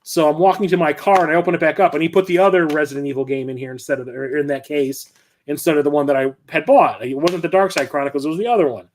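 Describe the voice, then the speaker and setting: A man's voice: on the high side, fast, a little hiss or hum. A middle-aged man hosting a livestream, telling stories in a loose, rambling, conversational way. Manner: rambling, conversational storytelling with frequent restarts. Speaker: host. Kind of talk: casual livestream chat.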